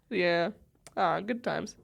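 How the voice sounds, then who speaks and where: A woman's voice: lowish voice, creaky, highs cut off. A woman co-hosting a book-discussion podcast, chatting casually and reading passages aloud with expression. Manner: animated reader, puts expression into quoted dialogue. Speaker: podcast co-host.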